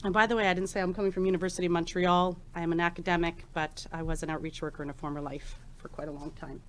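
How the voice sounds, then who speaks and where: A woman's voice: lowish voice, little pitch movement, rapid-fire, slight background noise. A woman in her forties presenting research at a conference in a chatty, informal way, with many ums and restarts, on a microphone in a conference room. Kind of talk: conference talk. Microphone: handheld microphone.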